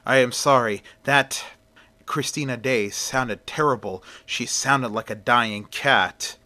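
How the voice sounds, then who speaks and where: A man's voice: medium pitch, slow, bright, forceful tone. A man voicing a snobbish, cruel opera critic who speaks in a pompous, sneering way.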